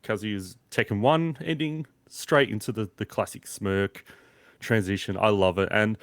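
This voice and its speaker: A man's voice: lowish voice, measured pace, clean tone, dry recording. A man co-hosting a casual gaming podcast, talking enthusiastically and rambling with frequent restarts. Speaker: podcast co-host.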